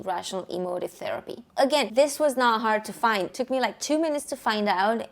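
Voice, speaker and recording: A woman hosting a commentary video, talking in an opinionated, critical way and laughing between points. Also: mid-range voice. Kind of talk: commentary voice-over.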